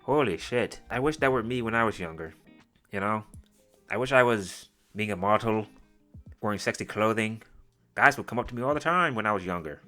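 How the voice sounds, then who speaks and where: A bitter, jealous middle-aged woman pours out self-pity about her lost youth, as a man mocks her. The voice stays low and deep, pushed loud, with a sneer under it. Soft music plays behind. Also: animated, brisk. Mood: mocking. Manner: mocking, self-pitying.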